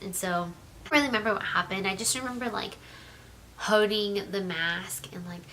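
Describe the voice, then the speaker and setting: A young woman telling a personal story in a chatty vlog style, full of "like" fillers and slipping into a soft whisper. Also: medium pitch, fairly quick, slight background noise. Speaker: vlogger.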